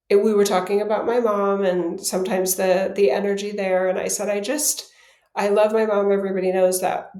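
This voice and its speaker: Animated woman telling a story in a roomy space. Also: medium pitch. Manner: animated, laughs often, acts out quoted dialogue. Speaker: podcast co-host. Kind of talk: casual conversational storytelling. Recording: roomy echo.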